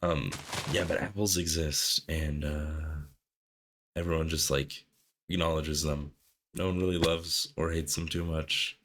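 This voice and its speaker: A young man, hoarse from being sick, rambling casually over gameplay with lots of fillers. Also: very deep voice, little pitch movement, measured pace, a bit bright, a little hiss or hum. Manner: rambling, filler-heavy, jokey musings. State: hoarse from sickness. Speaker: gameplay commentator. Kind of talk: casual gaming commentary.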